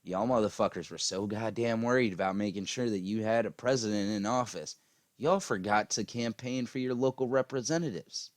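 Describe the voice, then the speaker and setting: A man's voice: on the low side, fairly quick, no echo, studio quality. A man ranting casually about politics, profane and rambling with lots of fillers, tired after a long day. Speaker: political commentary vlogger.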